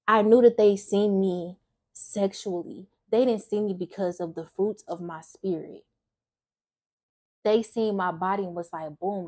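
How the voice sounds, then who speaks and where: A young woman talks openly about her faith and her past, earnest and emotional. Her voice is husky and of middle pitch. She speaks casually, often stopping to restart a sentence. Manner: casual speech with frequent restarts. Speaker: faith vlogger. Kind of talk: personal testimony talk.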